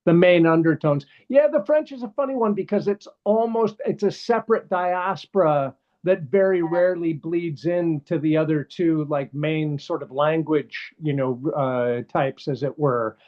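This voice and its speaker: A man's voice: fairly high pitch, normal speed, few pauses. A middle-aged man with a Canadian accent, a guest comedian chatting casually in an interview, wandering through tangents with plenty of "uh" and "you know". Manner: rambling, digressive, heavy on fillers and trivia. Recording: dull lo-fi call audio.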